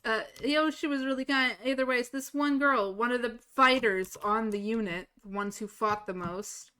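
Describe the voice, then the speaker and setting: Casting: blunt, animated woman streamer with a bright voice, chatting while she plays. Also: a little high, moderate pace, clean tone. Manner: blunt, swears freely, animated storyteller. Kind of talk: casual chat while gaming.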